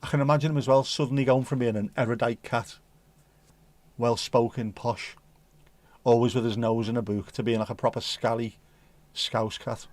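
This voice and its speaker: A man's voice: mid-range voice, fairly even intonation, normal speed, darkish tone, dry recording. A man hosting a casual livestream who reads viewer comments in a jokey, rambling, playful way. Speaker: livestream host.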